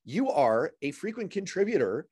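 A man hosting a radio talk show and podcast, animated and jokey, introducing and interviewing a guest. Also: on the high side, slightly rough, no echo. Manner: animated, jokey, quick asides. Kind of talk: casual interview chat.

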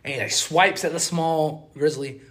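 Young Southern male co-host, casual storyteller, lively with quotes and sound effects. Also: fairly high pitch, moderate pace. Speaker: podcast co-host.

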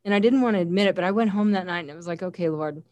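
A woman's voice: mid-range voice, racing, a little mellow, no echo, lo-fi sound. A woman giving an earnest, heartfelt faith testimony as an interview guest, often quoting scripture. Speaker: guest sharing a personal testimony.

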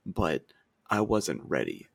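A man's voice: deep voice, huge pitch swings, slow pace, vocal fry, a bit bright, dry recording. A man co-hosting a podcast, chatting casually in a laid-back, joking way that includes swearing. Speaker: podcast co-host. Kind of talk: casual chat.

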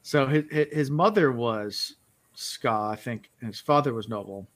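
A man's voice: mid-range voice, a little slow. A man co-hosting a podcast, chatting casually about a novel and retelling scenes. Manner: relaxed storyteller, quotes characters in his own voice. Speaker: podcast co-host. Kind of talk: casual book-discussion chat.

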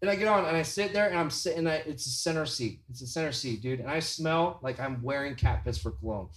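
A man's voice: a little high, fast, reverberant. A man hosting a podcast, telling a rambling story in casual chat, swearing and laughing as he goes. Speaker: podcast host.

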